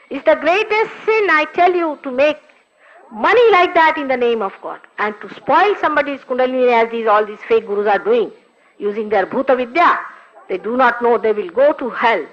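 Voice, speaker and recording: A woman's voice: a little high, a bit bright. An older woman, a spiritual teacher, giving a recorded talk with emphatic, scolding rhetorical questions. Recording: dull lo-fi archive recording.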